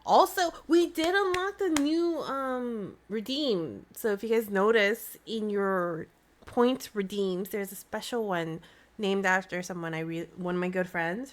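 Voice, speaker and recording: A woman hosting a live stream, chatting in a bubbly, excitable way into a desk mic. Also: fairly high pitch. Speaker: livestream host. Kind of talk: casual live-stream chat.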